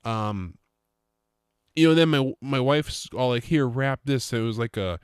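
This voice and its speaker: A man's voice: medium pitch, animated, measured pace, clear, resonant tone, no echo, clean studio sound. A man hosting his own podcast, chatting in a rambling, joking way and often cutting himself off mid-sentence. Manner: rambling, self-interrupting, joking. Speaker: podcast host. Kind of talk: casual solo podcast monologue.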